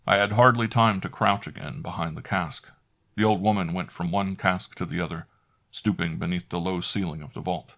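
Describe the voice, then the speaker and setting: A man narrating a classic horror story in first person, measured and dramatic. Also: low voice, fairly even intonation, a bit bright.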